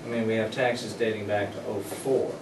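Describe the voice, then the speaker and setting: A man's voice: lowish voice, steady tone, normal speed. Man questioning at a board meeting. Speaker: board member. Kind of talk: public meeting discussion. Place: meeting room. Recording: echoey room, distant mic, background noise.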